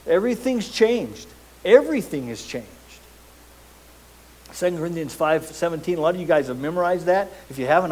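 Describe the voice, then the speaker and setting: A man's voice: a little high, darkish tone, low-quality recording. A man preaching a sermon as pastor, emphatic, posing rhetorical questions and repeating words as he goes.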